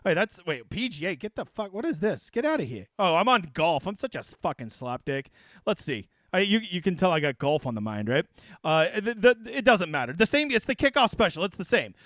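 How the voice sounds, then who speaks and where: A man hosting a casual fantasy sports picks breakdown, brash, profane and excitable as he talks to the viewer. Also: high-pitched, fairly quick, no echo, studio quality. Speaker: daily fantasy sports analyst and host.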